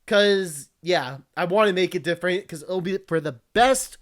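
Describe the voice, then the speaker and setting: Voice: mid-range voice, moderate pace. A VTuber reading a visual novel aloud, breaking off for joking, crude, teasing asides and frequent laughs.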